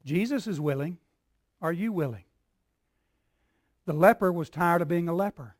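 A man preaching a sermon as pastor, building in repeated phrases and swinging from soft, low lines to loud cries. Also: animated, normal speed, no echo, studio quality. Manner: preaching with call-and-response rhythm, dropping soft then shouting.

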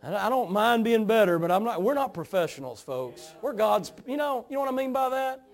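A middle-aged pastor with a strong East Tennessee hillbilly accent, talking in a folksy, drawling way. His voice sits a little high for a man, and his sermon swings from hushed storytelling to loud, fervent preaching. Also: expressive, fairly quick, faint music behind. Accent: East Tennessee Appalachian.

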